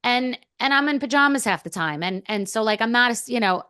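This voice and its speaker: A woman's voice: on the high side, lively intonation, brisk, sharp tone, clean tone, dry recording, clean studio sound. A woman guest on a podcast, telling a candid story in a blunt, profane, rambling way.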